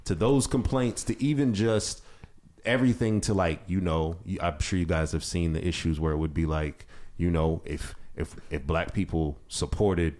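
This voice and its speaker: A man's voice: low-pitched, normal speed, a little mellow. A man co-hosting a podcast roundtable, talking casually with lots of fillers and restarts. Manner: rambling, many fillers and restarts. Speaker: podcast co-host.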